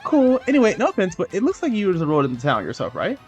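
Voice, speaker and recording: A man's voice: sits high, wildly swooping pitch, quick pace, dull audio, faint music behind, voice pushed up. A man voicing a bubbly young female goomba student with chirpy, gushing chatter. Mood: excited.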